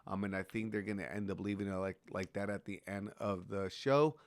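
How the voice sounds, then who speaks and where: A man's voice: lowish voice, fairly even intonation, fairly quick, dry recording. A man giving a casual, rambling recap of a TV episode, with many fillers and restarts. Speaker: show recap host.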